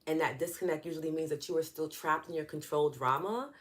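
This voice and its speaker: Speaking fast in a low voice, a woman with a New York accent hosts a live online EFT teaching session. She explains earnestly in a conversational manner and reacts to viewer comments.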